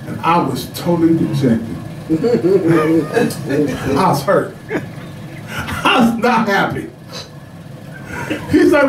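Man preaching, very high voice, animated storytelling, echoey church sanctuary, distant mic. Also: slow, long pauses, noisy background. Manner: animated storytelling preacher, breaks into shouts and laughs. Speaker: pastor. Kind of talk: sermon.

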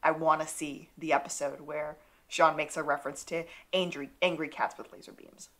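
Lower-voiced woman podcast co-host, dry asides. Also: normal speed. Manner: relaxed conversational narration with dry asides. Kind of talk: casual episode recap chat.

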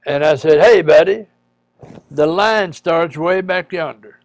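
A man, a preacher, telling a personal story in a folksy, halting way with frequent pauses and restarts. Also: fairly high pitch, no echo.

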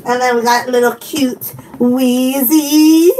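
Hosting a casual live stream from home, this channel host giggles a lot and chats with her viewers and her dog. Her voice sits high, warm and steady, and she takes it slowly. She is a bit far from the mic, with faint room noise audible.

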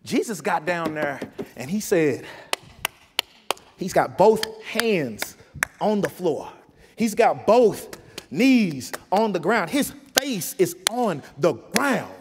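Impassioned preacher with a slightly high voice. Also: male voice, big pitch swings, takes it slowly, long reverb tail, background noise. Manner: impassioned, building from quiet to loud. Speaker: pastor. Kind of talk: sermon. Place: church sanctuary.

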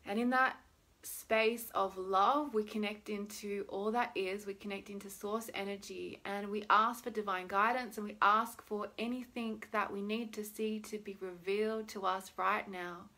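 A woman's voice: mid-range voice, steady tone, normal speed, sharp tone. A young woman leading a guided tapping meditation with soothing, instructive talk and long sighs.

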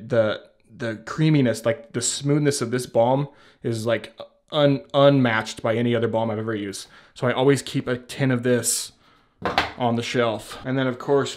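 Casual male vlogger, mid-pitched and unpolished, rambling chattily into a handheld camera. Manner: rambling, chatty, swears casually, laughs often. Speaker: beard care vlogger. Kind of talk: casual product show-and-tell. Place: at home by a shelf. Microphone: handheld camera at arm's length.

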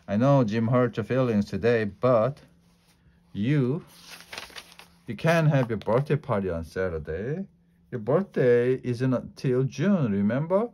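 A man reading the part of a patient, gentle mother talking to her little girl. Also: mid-range voice, expressive, unhurried, lo-fi sound.

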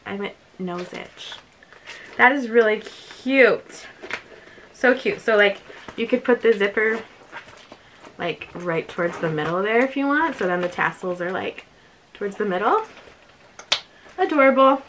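A woman's voice: mid-range voice, animated, measured pace, long pauses, background noise. Bubbly, gushing young woman vlogger. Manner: gushing, bubbly, says "like" a lot. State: a bit out of breath. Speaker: unboxing vlogger. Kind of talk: casual unboxing chat.

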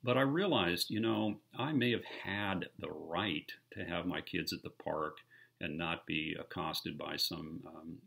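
A man in his sixties, a pastor preaching a sermon in a conversational storytelling way that grows animated when he retells stories. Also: sits low, a little slow, vocal fry, breathy edge.

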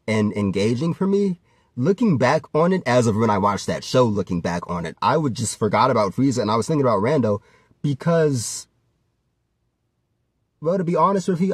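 A man's voice: mid-range voice, breathy edge, no room sound, clean studio sound. A man giving a rambling, casual commentary, laughing often and swearing freely as he talks. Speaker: vlogger.

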